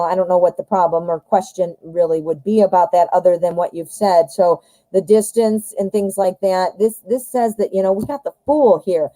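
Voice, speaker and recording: A woman's voice: lowish voice, dark tone, no room sound, rough recording. A woman giving a live-stream tarot reading, chatting directly to viewers with lots of fillers and friendly asides. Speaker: tarot reader.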